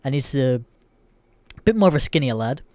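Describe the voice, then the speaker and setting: A man's voice: mid-range voice, sing-song, normal speed, mellow, no room sound. A young Australian man hosting a podcast, telling a story casually with lots of swearing and laughter. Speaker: podcast host.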